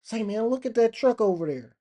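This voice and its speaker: A man voicing an excitable rural onlooker who stammers in disbelief at what he sees. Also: a little fast. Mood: incredulous. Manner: shrill, incredulous, stammering.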